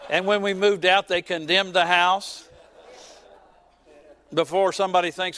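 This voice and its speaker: A man in his fifties, a pastor preaching a sermon who tells a personal story with joking asides and swings between loud and soft. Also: sits high, steady tone, unhurried, long pauses.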